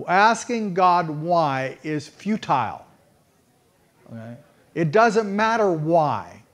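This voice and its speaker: A man preaching a storytelling sermon in a folksy, earnest way, with frequent restarts. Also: fairly high pitch.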